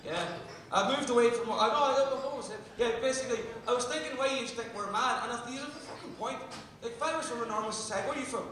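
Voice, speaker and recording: A man with a Derry accent doing a stand-up set, talking fast and swearing as he works the crowd. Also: extremely high pitch, fairly bright tone. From Derry, Northern Ireland. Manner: rapid-fire, sweary banter with the crowd. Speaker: stand-up comedian. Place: comedy club stage. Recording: echoey club recording from a distance. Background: audience laughter.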